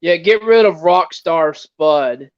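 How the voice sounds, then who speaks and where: A man's voice: a little high, takes it slowly. A man chatting casually as a co-host, mostly giving short agreeing replies. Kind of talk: casual chat. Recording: dull lo-fi audio.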